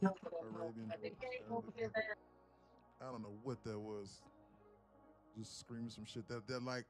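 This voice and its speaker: A man's voice: mid-range voice, darkish tone. A man talking bluntly and profanely in a rambling way while day trading on a live stream. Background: music.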